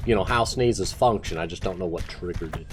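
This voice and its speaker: A man's voice: low-pitched, a little fast, noisy background. A man casually commenting as he plays a fantasy game, joking and talking to the characters. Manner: playful, chatty, talks to the game characters. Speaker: let's play host.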